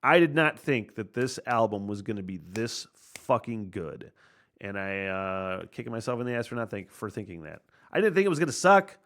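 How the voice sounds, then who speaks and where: A man hosting a podcast, reacting casually to a punk album, excitable and swearing often. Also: fairly low pitch, moderate pace. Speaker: podcast host reviewing an album.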